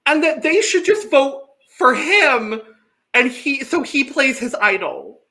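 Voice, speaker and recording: A woman co-hosting a casual reality-show recap, her voice high and bright. She talks slowly and unhurriedly, pitch swinging widely as she narrates with sarcastic asides. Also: very animated. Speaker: podcast co-host.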